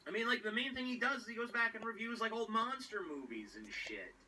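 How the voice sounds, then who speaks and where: A man's voice: high-pitched, lively intonation, brisk, bright, forceful tone, low-quality recording. A man hosting a show, ranting sarcastically and with a lot of swearing. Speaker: show host. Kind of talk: ranting commentary.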